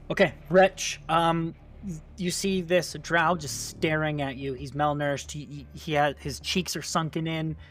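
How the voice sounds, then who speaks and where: A man narrating a tabletop game as game master, in a casual style full of fillers. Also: mid-range voice. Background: faint music.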